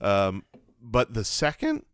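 A man's voice: lowish voice, huge pitch swings, slow pace, dry recording, clean studio sound. A middle-aged man co-hosting a comedy podcast, talking casually with a sarcastic, joking delivery. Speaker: podcast co-host.

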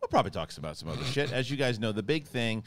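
Fast-talking New man hosting. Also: medium pitch, no echo. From New York outer boroughs. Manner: rapid, animated, swears freely. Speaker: podcast host. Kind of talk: casual studio chat.

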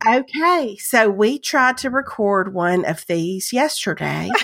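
A middle-aged woman with a strong Southeast Texas accent, chatting in an animated, self-mocking way as a podcast co-host. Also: mid-range voice, slow pace, creaky. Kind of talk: casual chat.

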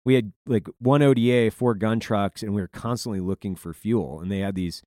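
A man telling a war story in casual chat, profane and animated. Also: lowish voice, a little fast, no room sound, studio quality. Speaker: podcast co-host, veteran.

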